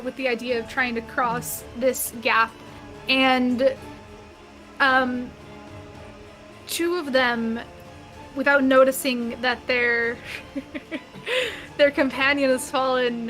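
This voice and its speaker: A woman's voice: high voice, fairly bright tone, poor audio. A woman running a tabletop game as dungeon master on a stream, easygoing and giggly.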